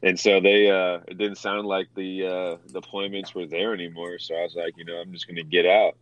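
Deep-voiced man telling rough war stories. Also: brisk, muffled recording. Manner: animated, acts out quotes with swearing. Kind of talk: casual storytelling, profane.

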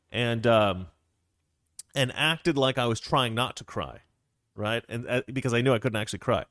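A man's voice: medium pitch, a bit bright, no echo, studio quality. A man co-hosting a casual chat, telling long rambling stories with frequent restarts and fillers. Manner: rambling storyteller with many restarts. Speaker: co-host.

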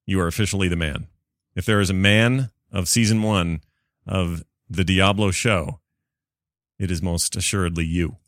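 A man with a somewhat low voice hosts a casual podcast. He talks in an excitable, rambling way into a close studio mic. The sound is dry and close. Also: moderate pace, dry recording. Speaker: podcast host.

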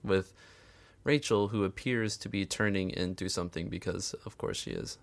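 Gravelly, sarcastic man narrating a recap. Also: low voice, moderate pace. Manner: sarcastic, swears a lot, chuckles often. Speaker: recap commentator. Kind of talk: casual profane recap commentary.

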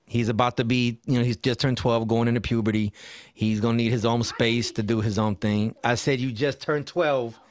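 A man with a New York accent hosting a casual podcast chat, animated and slangy, laughing often. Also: medium pitch, moderate pace. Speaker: podcast host.

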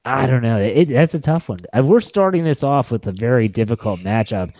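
With a mid-range, slightly mellow voice, a young man talks animatedly and fairly quickly while co-hosting a podcast about sports movies. He rambles, corrects himself often, and sounds enthusiastic throughout. The recording is dry.

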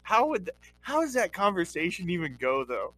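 A man's voice: high voice, sing-song, moderate pace, a bit bright. A man co-hosting a podcast who reads out topics and asks wry questions during crude banter. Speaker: podcast co-host.

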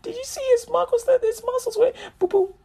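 A giddy, swooning woman gushes in a squeaky, very high voice, breathless with excitement, put on by a woman preacher. Her delivery is bubbly and quick, tumbling over itself. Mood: gushing.

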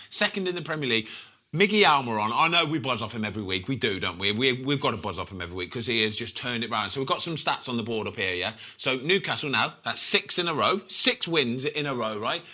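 A man hosting a casual football chat show, excitable and chatty with plenty of slang. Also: medium pitch, brisk. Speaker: host.

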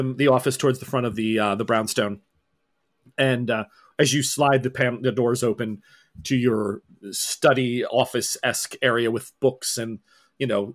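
A man's voice: mid-range voice, a bit bright. A man narrating as game master, rambling and descriptive with many fillers.

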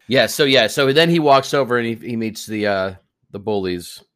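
A man with a lively, animated voice at a middle pitch. He co-hosts a podcast in a loose, casual way, cracking jokes and dropping asides as he talks through a movie. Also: moderate pace. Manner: wisecracking, throws in jokes and asides. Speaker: podcast co-host. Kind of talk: casual movie-review chat.

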